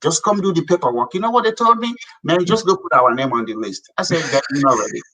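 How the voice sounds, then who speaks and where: A man's voice: a little high, expressive, fast, bright, forceful tone, far from the mic, poor audio. A middle-aged man from Nigeria with a Nigerian accent, a guest in an interview, telling his story in a blunt, emphatic way. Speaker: guest, businessman. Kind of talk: interview conversation.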